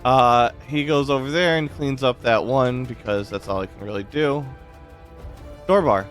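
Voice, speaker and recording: A man's voice: mid-range voice, normal speed, faint music behind. A man narrating and ruling as dungeon master of a tabletop game, easygoing and focused on the rules.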